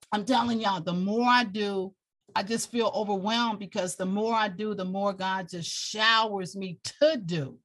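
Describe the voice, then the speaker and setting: A woman's voice: mid-range voice, a bit bright. A middle-aged woman, a military veteran and guest, speaking with passion and emotion, tearful, often repeating herself. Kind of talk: heartfelt interview talk.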